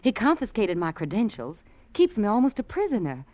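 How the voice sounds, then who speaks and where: A resourceful young Virginian with a soft Southern American accent, talking with urgency and lively swings in pitch. The sound is dull and close, like a vintage radio broadcast. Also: female voice, a little fast, dry recording. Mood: urgent. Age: young adult. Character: scheming young woman posing as a Russian. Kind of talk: 1940s radio acting.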